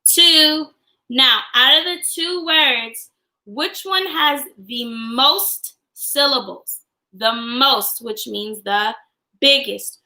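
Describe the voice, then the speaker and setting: A young woman teaching a young class online, singing and chanting phonics in a cheerful sing-song voice with drawn-out words. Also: sits high, sharp tone, poor audio. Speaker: kindergarten teacher.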